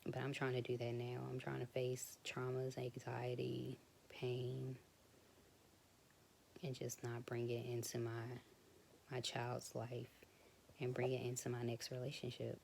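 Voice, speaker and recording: A woman's voice: very deep voice, completely flat delivery, a little slow, vocal fry. Young woman vlogger, frank casual talk, faint hiss behind her. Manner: frank, conversational, drifts into soft whispers. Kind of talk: casual personal talk to camera.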